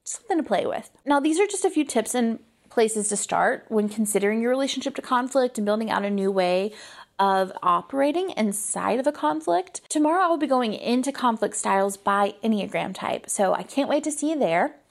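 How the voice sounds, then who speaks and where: A woman's voice: a little high, lively intonation, brisk, vocal fry. Earnest, chatty woman podcast host. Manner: earnest, conversational, lots of "like" and "right?". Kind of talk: solo podcast talk.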